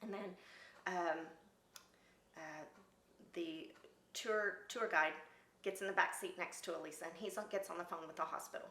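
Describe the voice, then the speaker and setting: A middle-aged woman telling her own story in casual talk, lively and laughing between lines. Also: fairly low pitch, normal speed, long pauses. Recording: roomy echo.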